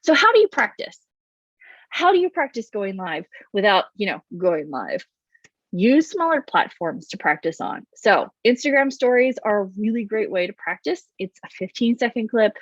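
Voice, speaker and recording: A woman who works as a coach gives casual advice to camera. She talks loud and fast with lively energy. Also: mid-range voice, no room sound. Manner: loud, fast, animated talker who talks with her hands. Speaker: business coach. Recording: dull, slightly lo-fi, dry sound.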